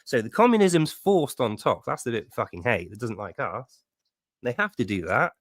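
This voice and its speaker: A blunt British man hosting a live debate, cursing freely. His pitch swings a lot as he argues. The sound is dry and close. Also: moderate pace, no room sound. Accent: British English. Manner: blunt, swearing, animated. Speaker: host.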